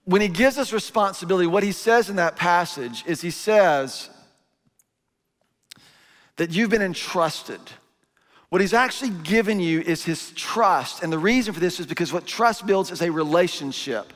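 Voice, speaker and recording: Middle-aged male pastor, fairly high voice, chatty sermon in a big reverberant hall. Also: normal speed, a bit bright. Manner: conversational, acts out parents and kids in asides. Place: church auditorium.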